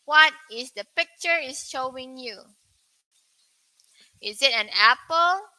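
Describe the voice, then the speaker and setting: Young female English teacher, Malaysian English accent, very bright and fairly high voice, models words slowly for the learners. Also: animated, poor audio. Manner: asks the viewers questions. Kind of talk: online English lesson.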